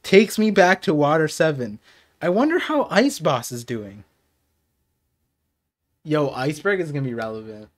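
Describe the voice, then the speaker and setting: A young adult man streaming a live reaction, excitable and laughing, then turning quiet and reflective. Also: on the high side, moderate pace, long pauses. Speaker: streamer reacting to a manga chapter.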